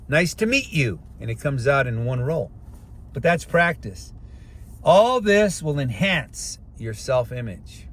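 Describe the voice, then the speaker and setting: A middle-aged man hosting a casual self-help talk, speaking straight to viewers and sometimes stretching words out slowly to show clear diction. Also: medium pitch, sing-song, fairly bright tone. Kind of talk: casual advice monologue. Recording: street noise behind voice.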